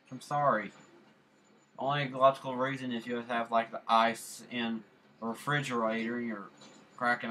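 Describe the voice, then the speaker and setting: A man's voice: mid-range voice, sharp tone, low-quality recording. A man giving casual let's play commentary. He rambles while playing and keeps repeating silly catchphrases. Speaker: gamer.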